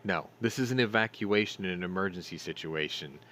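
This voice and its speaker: A man's voice: low voice, a little fast, fairly bright tone, a little hiss or hum. A man hosting a news commentary stream, reading articles aloud and adding sarcastic, profane remarks, stumbling over names.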